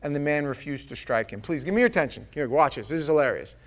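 A man's voice: on the high side, expressive, fast. A man preaching a sermon, joking and acting out the scripture with voices. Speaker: pastor.

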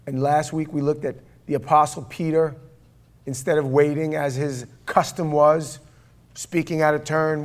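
A pastor leading a prayer and then preaching a sermon in church, in a conversational way that asks the congregation questions. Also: male voice, fairly high pitch, little pitch movement, moderate pace.

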